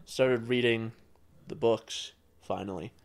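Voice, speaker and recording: A man's voice: medium pitch, fairly even intonation, takes it slowly, gravelly. Man, podcast co-host, casual chat, ranting, dry, exasperated.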